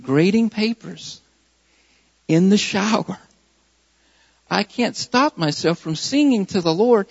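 A man preaching a sermon in a high, gravelly voice that keeps coming back to its key phrases and builds in force. It is a dull, muffled recording with a long reverb trailing off his words in the church hall. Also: animated, takes it slowly, long pauses. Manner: emphatic, repeats key phrases, builds in intensity. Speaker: pastor.

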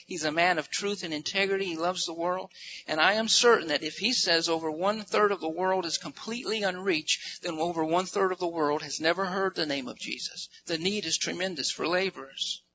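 Gravelly, bright-toned preaching pastor man. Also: high-pitched, fairly quick, highs cut off, slight background noise. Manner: earnest preaching, building to emphatic peaks. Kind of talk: sermon.

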